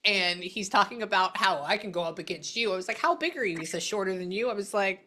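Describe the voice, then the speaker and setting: A woman's voice: medium pitch, fast, sharp tone. A woman working as a psychic medium, chatting bluntly through a casual reading session indoors. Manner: chatty, blunt, quotes the spirit back and forth.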